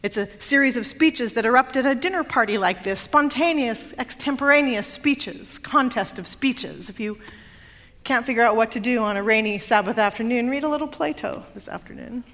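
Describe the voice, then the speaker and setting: A woman's voice: on the high side, moderate pace, a bit bright. A woman pastor delivering a sermon in a conversational, storytelling way, slipping into quoted voices and speaking directly to the congregation. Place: church sanctuary. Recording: long reverb of a large sanctuary.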